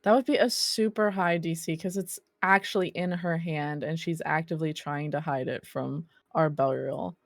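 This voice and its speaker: A woman narrating as game master, playful and quick to laugh as she teases her players. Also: deep voice, steady tone, no room sound, studio quality.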